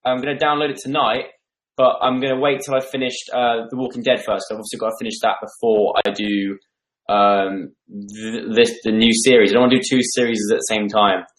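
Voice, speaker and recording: A man's voice: lowish voice, steady tone, brisk, reverberant. A young man in his twenties hosting a casual live stream from home, chatting and rambling through viewer comments on a desk microphone. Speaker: livestream host. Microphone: desktop microphone.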